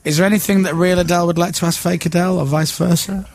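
A man's voice: high-pitched, fairly even intonation, racing, creaky. A man hosting a radio show, teasing his guest and laughing a lot. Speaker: radio host. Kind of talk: jokey radio banter.

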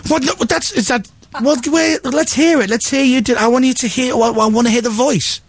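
Playful high-voiced radio host. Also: male voice, fairly even intonation. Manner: teasing, playful, quick jokes. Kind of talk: casual radio chat.

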